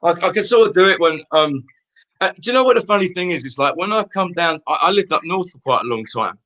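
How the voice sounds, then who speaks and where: A man's voice: high voice, expressive, fast talker, a bit bright, muffled recording. A man in his fifties with an Essex accent, chatting casually as an interview guest and telling rambling anecdotes. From Essex, England. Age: 50s. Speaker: stage singer and guest. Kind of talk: casual chat.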